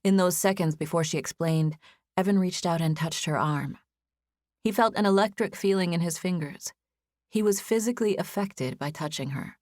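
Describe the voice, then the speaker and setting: A woman with a lowish voice reads a novel in an even, measured way. The recording is close and very dry, as if from a treated studio booth. Her pacing stays steady through the narration. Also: no room sound. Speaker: audiobook narrator. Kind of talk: scripted narration.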